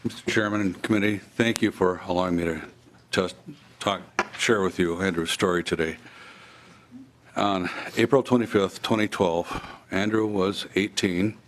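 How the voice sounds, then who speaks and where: Middle aged man testifying at a hearing, very low voice, slow and halting. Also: fairly even intonation, a little hiss or hum. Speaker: bereaved parent testifying. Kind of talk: formal testimony.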